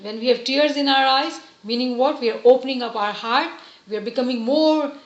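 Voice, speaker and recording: A woman giving an earnest, gentle religious lesson, explaining each point patiently. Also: high-pitched, fairly quick. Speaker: religious teacher. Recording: roomy, slightly dull recording.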